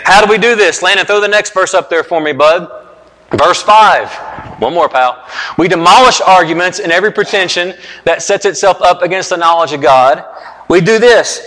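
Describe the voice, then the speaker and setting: Bright-voiced man preaching in a hall. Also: sits high, moderate pace. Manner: earnest storytelling preacher, repeats phrases for emphasis. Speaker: pastor. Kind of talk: sermon.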